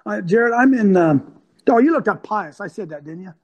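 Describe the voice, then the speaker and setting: A fired-up man preaching to his online viewers, husky and gravelly at a high pitch. He pushes hard and fires off rhetorical questions like a coach in a locker room. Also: expressive, moderate pace. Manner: intense and emphatic, with rhetorical questions. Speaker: host and former football coach. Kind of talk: fiery sermon-like talk to an online audience. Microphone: computer mic on a video stream.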